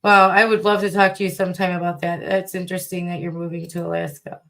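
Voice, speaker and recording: A woman's voice: on the low side, little pitch movement, fast talker, a bit bright. A woman from the Chicago area with a Chicago accent, chatting and joking as a co-host on a casual livestream.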